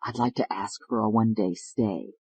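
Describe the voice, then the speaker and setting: A man voicing a feverish, hoarse defense lawyer who speaks low and strained, in an audiobook read in a dry studio. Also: normal speed, darkish tone, no room sound, rough recording.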